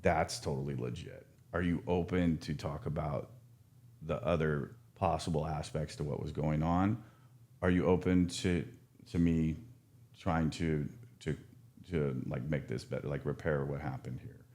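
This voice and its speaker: Man, addiction counselor; deep voice, frank and earnest, lots of restarts. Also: fairly even intonation, a little slow, darkish tone. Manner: earnest, frank, with many restarts and casual swearing. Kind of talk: casual podcast conversation.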